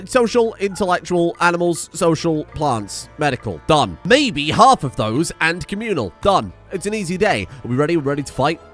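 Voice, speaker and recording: A young man giving excitable, chatty let's play commentary and swearing freely. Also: fairly high pitch. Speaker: gaming streamer.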